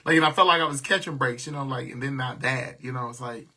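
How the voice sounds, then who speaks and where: A man hosting a casual livestream, talking candidly, venting his frustrations, trailing into soft asides and thanking viewers by name. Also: medium pitch, quick pace. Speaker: livestream host.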